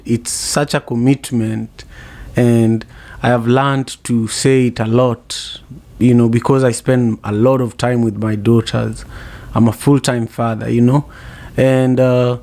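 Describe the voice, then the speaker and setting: A man hosts a casual online discussion, thanking guests and reflecting on what they said. His voice sits at an everyday middle pitch. He speaks thoughtfully and leans on fillers. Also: mellow. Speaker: host.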